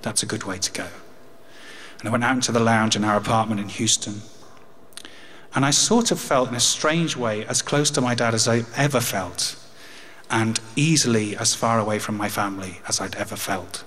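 A man's voice: fairly low pitch, normal speed, a bit bright, slight background noise. English guy in his 50s telling a story, dry wry humour, long hall echo. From England. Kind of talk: personal storytelling on stage.

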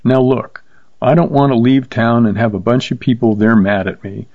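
A man's voice: medium pitch, steady tone, normal speed, dry recording, phone-quality sound, natural voice. A man voicing a meek young rodeo cowboy who speaks apologetically and pleads, in a read-aloud story. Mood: apologetic.

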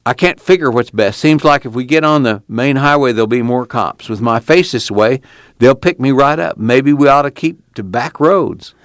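A man's voice: mid-range voice, normal speed, no echo, studio quality, voice pushed up, natural voice. A man voicing a wary young man hiding from police, speaking in wry rural dialect.

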